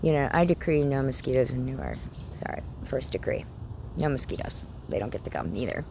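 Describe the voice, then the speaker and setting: A woman's voice: a bass voice, very animated, brisk, creaky, mellow, slight background noise. A woman giving an intimate, emotional spiritual talk, often dropping to a whisper, recorded outdoors. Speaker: spiritual content creator. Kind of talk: personal spiritual talk to camera.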